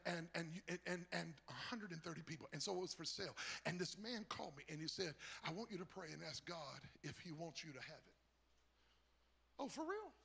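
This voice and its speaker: Bishop, male, high bright gravelly voice, husky, storytelling that climbs to shouting. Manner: rises from low storytelling to shouted, high-pitched preaching. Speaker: bishop, guest preacher. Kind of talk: sermon storytelling building to shouted preaching.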